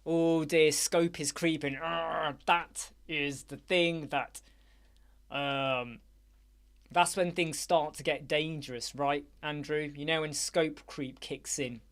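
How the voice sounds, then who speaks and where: A man hosting a live Q&A chat show, rambling and animated, with many fillers. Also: on the high side, takes it slowly. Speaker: host. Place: dark room with soundproof panels.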